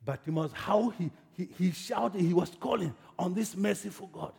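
Husky high-voiced dramatic preacher man. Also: normal speed, in a large hall. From Africa. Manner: dramatic storytelling, swings from hushed to shouting. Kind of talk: sermon. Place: church in America.

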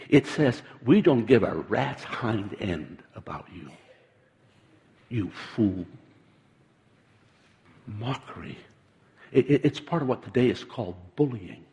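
A man preaching a sermon, unhurried, often stammering and restarting his phrases. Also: medium pitch, darkish tone, big-room sound.

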